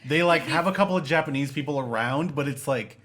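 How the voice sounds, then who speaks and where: A man's voice: a little high, fairly quick, a bit bright. A man co-hosting a casual podcast, rambling sarcastically about a movie with lots of fillers and restarts. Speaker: podcast co-host. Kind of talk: casual film-review banter.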